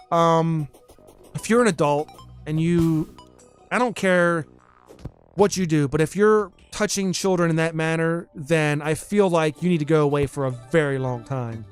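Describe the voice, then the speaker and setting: A man streaming a game live, chatting casually and answering his chat as he plays. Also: fairly high pitch. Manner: chatty, reads and answers chat, frequent restarts.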